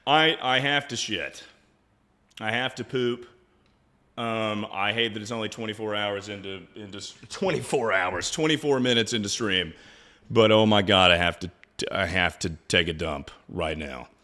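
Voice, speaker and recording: A man's voice: lowish voice, normal speed, bright, forceful tone. A young man streaming live, chatting casually in a rambling, crude way and laughing often.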